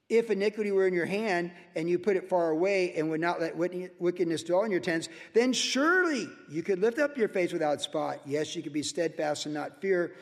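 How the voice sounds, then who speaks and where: An older man preaching a verse-by-verse sermon to his congregation. He talks in a lively, conversational way and slips into mocking voices for his asides. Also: high voice. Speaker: pastor. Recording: echoey hall reverb.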